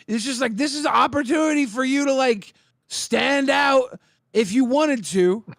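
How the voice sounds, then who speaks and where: A man explaining himself defensively in a recorded call, hesitant and halting, stumbling over his words. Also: very high-pitched, vocal fry, a bit bright, no room sound, clean studio sound.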